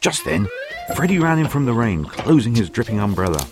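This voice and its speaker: A man's voice: medium pitch, brisk. A man narrating a storybook expressively, acting out each character. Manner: expressive, acts out every character. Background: faint music.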